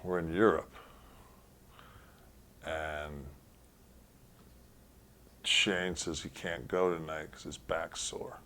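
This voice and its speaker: Very deep-voiced blunt man. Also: flat delivery, drawn-out words, pauses often, sharp tone, slight background noise. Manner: blunt, heavy swearing. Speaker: interview guest. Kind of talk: casual storytelling interview.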